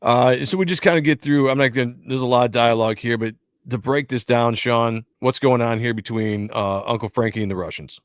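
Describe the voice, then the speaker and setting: A man's voice: mid-range voice, a little fast, hardly any pauses, clear, resonant tone, no room sound. Man, comic book review co-host, casual chat, dry close sound, jokey. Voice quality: animated, jokey, acts out dialogue. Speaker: podcast co-host.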